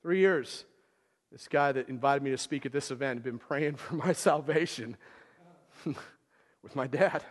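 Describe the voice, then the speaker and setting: A man's voice: medium pitch, a little slow, long pauses. A man preaching a sermon in a casual storytelling way, full of fillers and "right?" asides. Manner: conversational, filler-heavy, keeps asking "right?". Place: church hall. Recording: long hall reverb.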